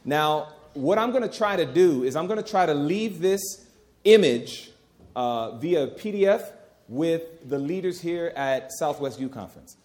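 A man's voice: fairly high pitch, lively intonation, a little slow, darkish tone. A middle-aged man preaching a sermon, emphatic and folksy, repeating key phrases and talking to the crowd as "y'all".

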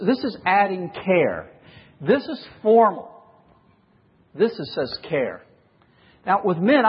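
A man's voice: high-pitched, breathy edge. A man preaching a sermon to a congregation, questioning the listeners and acting out examples. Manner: questions the audience and acts out examples. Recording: dull recording with long hall reverb.

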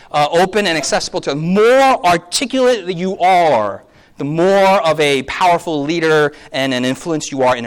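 Pastor, man, 30s; slightly high voice, animated and interactive sermon delivery. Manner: animated, acts out quoted voices, asks the audience questions. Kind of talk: sermon lecture with slides.

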